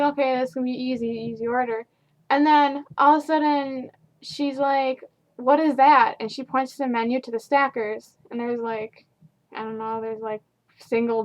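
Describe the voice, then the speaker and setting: A young woman who works at a fast food counter, telling stories about customers in a casual, sarcastic, exasperated vlog rant full of fillers. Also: on the high side. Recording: dull lo-fi home video.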